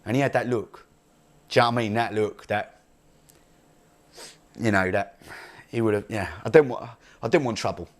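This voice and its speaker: A man's voice: fairly low pitch, moderate pace, long pauses, lightly acted. A man playing a brash, crude young male chav from Essex, rambling boastfully in an improvised comedy monologue with an Essex accent. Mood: mocking. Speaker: comedy character.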